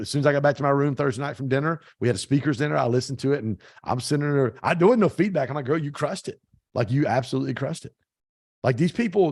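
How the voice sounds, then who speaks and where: A middle-aged man speaking as a mentor on a video call, energetic and emphatic, repeating phrases for effect and swearing casually. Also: medium pitch, dry recording, clean studio sound. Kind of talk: motivational talk on a video call.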